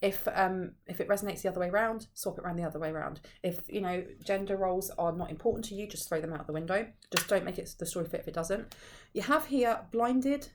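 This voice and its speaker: A woman gives a casual tarot reading straight to her audience. Her voice sits on the low side, and she talks in a loose, rambling way, circling back and restarting her sentences as she goes. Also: steady tone, fast, slight background noise. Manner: rambling, conversational, frequent restarts. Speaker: tarot reader.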